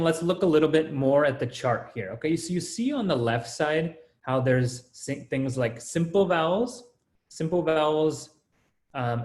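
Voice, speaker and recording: A man's voice: fairly high pitch, a little mellow. Man teaching an online class, echoey room. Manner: explaining step by step, checking in with "right?" and "okay?". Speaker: Sanskrit teacher.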